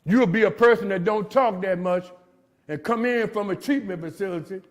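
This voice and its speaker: A man's voice: high voice, moderate pace. A middle-aged man giving a streetwise recovery testimony to inmates, preachy and calling everyone "man" as he talks. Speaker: recovery speaker. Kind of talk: testimony talk. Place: jail meeting room.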